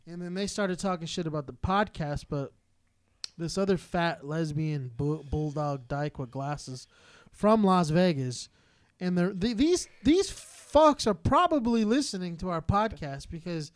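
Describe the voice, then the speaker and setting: High-voiced man ranting profanely. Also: animated, unhurried. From Southern California. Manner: profane, heated, rambling rant. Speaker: podcast co-host. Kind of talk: casual podcast rant.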